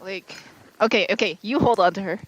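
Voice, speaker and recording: A woman's voice: fairly high pitch, husky, dull audio. A woman playing a tabletop game, chatting casually and giggling often. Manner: giggly, easygoing. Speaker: player.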